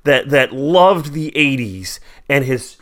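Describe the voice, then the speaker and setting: A man's voice: medium pitch, animated, takes it slowly, a bit bright. A man co-hosting a podcast in casual chat, playful and rambling as he riffs. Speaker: podcast co-host.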